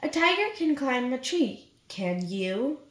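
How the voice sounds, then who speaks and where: A woman's voice: high voice, big pitch swings, slow pace, full character voice. Woman doing a scoffing storybook animal. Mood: mocking. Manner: scoffing, mocking. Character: doubting, teasing storybook animal. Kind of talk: storybook read-aloud. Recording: roomy echo.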